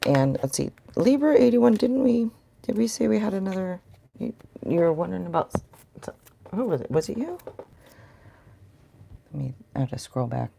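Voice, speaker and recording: A woman's voice: mid-range voice, big pitch swings, moderate pace, creaky, long pauses, mellow, slight background noise. A middle-aged woman giving a rambling, chatty live tarot reading and talking to viewers in the chat. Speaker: tarot reader.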